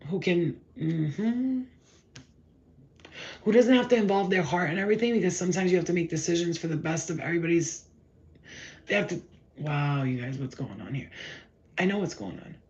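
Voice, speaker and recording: A woman giving a live spiritual tarot reading in a rambling, excited way. She swears casually and acts out her stories. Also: on the low side, normal speed, long pauses, lo-fi sound.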